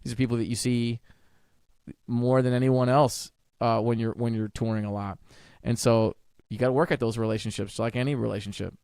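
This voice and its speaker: A man chatting as a guest in an interview, enthusiastic, talking in quick bursts and jumping up in pitch on the words he stresses. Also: level tone, darkish tone, clear, resonant tone, no echo, studio quality. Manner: enthusiastic, jumps up in pitch on emphasis; talks in quick bursts with restarts. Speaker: podcast guest, jazz trumpeter and educator. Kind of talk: casual interview conversation.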